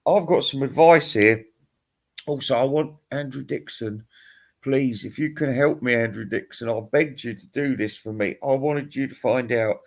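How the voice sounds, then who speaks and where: Middle-aged guy rambling late at night, tired, swearing a lot, ranting and chuckling. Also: medium pitch. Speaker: music vlogger. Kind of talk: casual rambling monologue.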